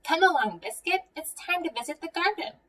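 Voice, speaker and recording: A woman voicing a cheerful young girl talking gently to her puppy in a storybook reading. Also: extremely high pitch, expressive, distant mic, voice pushed up. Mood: coaxing. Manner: gentle, coaxing, slow storybook delivery.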